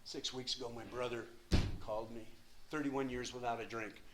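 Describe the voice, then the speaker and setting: A man in his sixties giving an impassioned, profane personal share at a recovery meeting, swinging from hushed to loud. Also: medium pitch, steady tone, moderate pace, very noisy.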